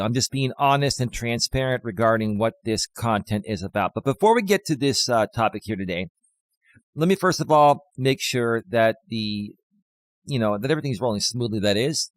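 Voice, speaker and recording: A man hosts a live coaching stream while fighting a cold, a little out of breath. He is mid-pitched and emphatic, repeating his key points slowly. His voice is close and dry, with no room sound. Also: no echo. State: has a cold, a bit out of breath.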